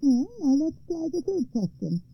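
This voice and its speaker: A woman's voice: sits high, sing-song, moderate pace, no echo, voice pushed up. Woman doing a cheeky young jester lad. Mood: confident. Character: clever, cheerful young male fool. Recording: slightly muffled radio broadcast.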